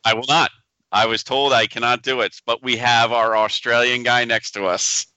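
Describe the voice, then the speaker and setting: A man co-hosting a casual podcast, playful and quick to laugh. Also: mid-range voice, little pitch movement, pushed and bright, clean tone, dry recording, highs cut off. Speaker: podcast co-host.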